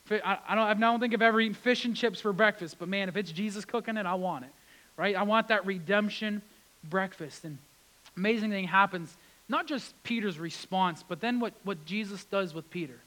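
A man with a high-pitched voice delivers a sermon. He leans on repeated words and moves from raised, urgent passages down to quiet, hushed ones. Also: a little fast, low-quality recording. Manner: emphatic, repeats key words, swings between loud and hushed. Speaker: preacher.

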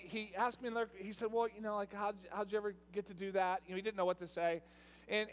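A man, a pastor, preaching a sermon in a storytelling way, repeating words and restarting, at times building to loud preaching. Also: high-pitched. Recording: long reverb of a large hall.

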